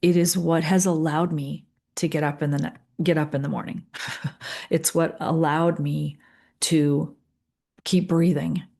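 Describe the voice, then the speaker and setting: A middle-aged woman leading a guided coaching session, calm and earnest, repeating phrases with pauses. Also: low-pitched, vocal fry. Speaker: leadership coach.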